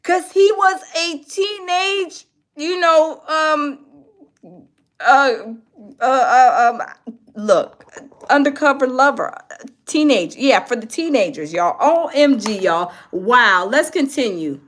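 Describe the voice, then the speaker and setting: High-voiced woman reacting to viewers. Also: slow pace. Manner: excitable, addresses viewers as y'all. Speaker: commentary host. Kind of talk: casual reaction chat.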